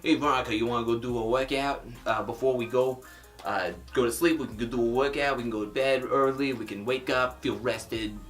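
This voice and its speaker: A man's voice: mid-range voice, steady tone, fairly quick, fairly bright tone, faint music behind, lightly acted. A man putting on a Boston accent to voice a pushy, brash male reality show competitor, as a comic impression. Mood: coaxing.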